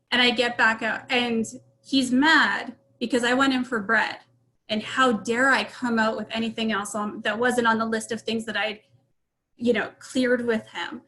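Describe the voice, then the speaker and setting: A middle-aged woman speaking as an interview guest, her voice set a little high and bright. She tells a personal story frankly and rambles, circling back with fillers and restarts. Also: poor audio.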